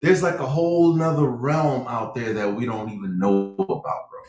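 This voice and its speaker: A man's voice: medium pitch, moderate pace, over a noisy crowd. Man telling tales in an echoey room. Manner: animated storyteller, says "right?" often. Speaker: livestream participant. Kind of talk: casual live chat.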